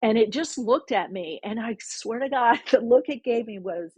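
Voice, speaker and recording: A woman's voice: a little high, moderate pace, husky, dry recording. A woman podcast host casually telling a spiritual story, rambling and often breaking off mid-sentence. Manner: rambling, self-interrupting, animated retelling.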